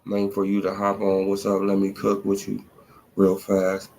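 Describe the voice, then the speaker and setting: Deep, creaky and a little mellow, this man's voice comes out completely flat at a normal speed, with slight background noise. Hosting a casual boxing livestream, he rambles in slang, swears a lot, and leans on filler like "bro" and "man."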